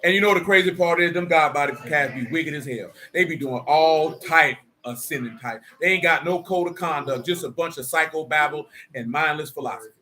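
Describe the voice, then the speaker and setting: Preaching man with a bright voice. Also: a little high, a little fast, a little hiss or hum. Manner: conversational, streetwise preaching with rhetorical questions. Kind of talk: sermon mixed with casual asides.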